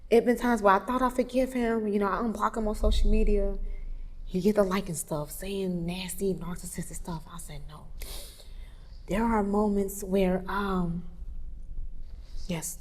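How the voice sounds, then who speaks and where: A woman, candidly telling a personal story, moving from hushed tones to loud animated retelling. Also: mid-range voice, moderate pace. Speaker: photographer telling her story. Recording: long reverb, roomy hall sound.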